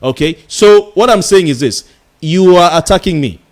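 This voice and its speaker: Hosting a radio talk show, this man argues heatedly with a caller, repeating himself insistently to keep the floor. His voice sits high and is expressive and a little mellow, at a normal speed.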